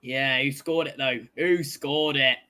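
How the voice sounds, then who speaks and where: Bright-voiced, excitable male football host. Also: medium pitch, unhurried. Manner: excitable and jokey, shouts over goals. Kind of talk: casual live football chat.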